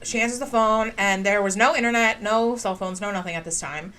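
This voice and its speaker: A woman co-hosting a podcast retells a true crime story in a chatty way, leaning heavily on "like." Her voice is medium pitch, fairly quick and a bit bright.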